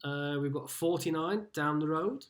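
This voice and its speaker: A man's voice: a little high, measured pace. A man from Liverpool hosting a casual live-streamed pub quiz from home, chatting and greeting players by name as he reads out their scores. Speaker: quiz host.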